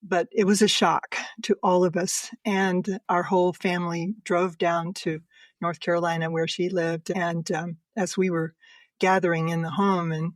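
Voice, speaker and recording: An older woman, a podcast guest, earnestly and emotionally telling a personal story, laughing softly between sentences. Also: on the low side, dry recording.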